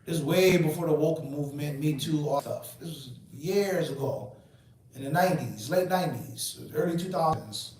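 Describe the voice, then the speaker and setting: A man's voice: a little high, normal speed, darkish tone. A man in his forties giving an emphatic Islamic lecture, asking rhetorical questions and answering them himself. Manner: emphatic and preachy. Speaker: Islamic teacher. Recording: very echoey room, mic far off.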